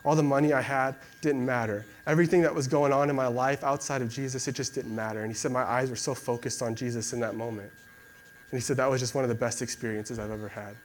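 A man's voice: mid-range voice, fairly even intonation, fast, a little hiss or hum. Young man preaching in a casual way. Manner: conversational, many fillers like "like". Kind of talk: casual sermon and prayer.

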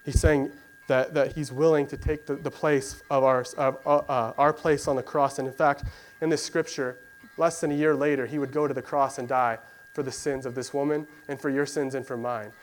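A man's voice: medium pitch, fairly even intonation, normal speed, low-quality recording. Conversational male preacher, faint hum. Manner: conversational storytelling with fillers, acts out voices of biblical figures. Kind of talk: sermon.

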